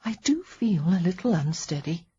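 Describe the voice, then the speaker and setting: A woman reading an audiobook, voicing an emotional young English gentlewoman who goes high and tearful when moved. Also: big pitch swings, normal speed, husky, muffled recording, exaggerated voice. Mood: unsteady.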